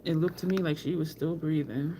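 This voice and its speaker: A woman hosting a relaxed live chat from home. She tells rambling stories and speaks straight to her viewers in a loose, conversational way. Faint street traffic drifts in through an open balcony window. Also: sits low, fairly quick. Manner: rambling storyteller, addresses chat as y'all, frequent laughs. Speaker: livestream host. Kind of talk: casual live chat, answering viewer comments.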